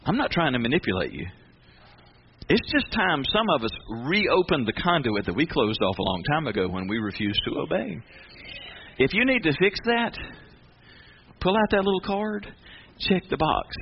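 A man's voice: medium pitch, very animated, moderate pace, pauses often, highs cut off, a little hiss or hum. A male pastor preaching a sermon, driving his points home with repeated refrains.

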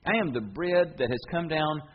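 A man voicing Jesus as a stern teacher with an edge, slightly lower than his usual voice. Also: lively intonation, moderate pace, narrow, tinny audio. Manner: stern, firm.

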